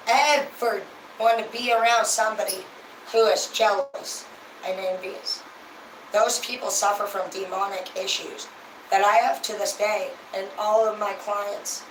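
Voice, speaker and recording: A woman's voice: mid-range voice, fairly bright tone, a little hiss or hum. A tipsy woman chatting casually to viewers on a livestream, rambling, gushing and swearing freely. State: tipsy from drinking. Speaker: livestream host. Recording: roomy, distant mic, faint ambience.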